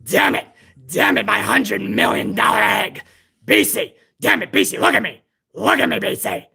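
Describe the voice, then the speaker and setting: A hoarse man doing an impression of a gruff older male wrestling boss, shouting in a raspy bellow. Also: high-pitched, normal speed, full character voice. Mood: furious.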